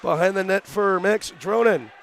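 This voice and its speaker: A young man doing radio play-by-play for a college hockey game, rattling off rapid calls that rise into shouts on shots. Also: high-pitched, creaky. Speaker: play-by-play announcer. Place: arena broadcast booth.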